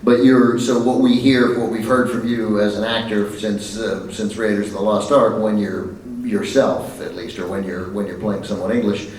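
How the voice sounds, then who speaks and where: A man hosting a stage Q&A, asking halting, rambling questions. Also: lowish voice, little pitch movement, a little mellow, a little hiss or hum. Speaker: host. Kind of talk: interviewer at a stage Q&A. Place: festival stage Q&A. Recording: roomy, distant mic, faint ambience.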